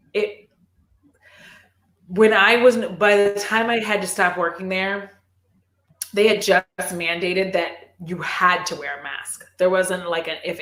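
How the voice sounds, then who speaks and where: Swearing, rambly woman on a roomy call. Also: lowish voice. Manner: swears freely, rambly and animated. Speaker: guest on a live chat stream. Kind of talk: casual chat.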